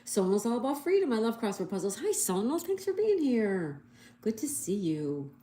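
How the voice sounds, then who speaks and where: A woman's voice: a little high, big pitch swings, moderate pace, warm tone. Woman hosting a chatty livestream. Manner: reads viewer comments aloud, cheerful greetings. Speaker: livestream host. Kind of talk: casual live chat reading comments. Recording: echoey room, faint background noise.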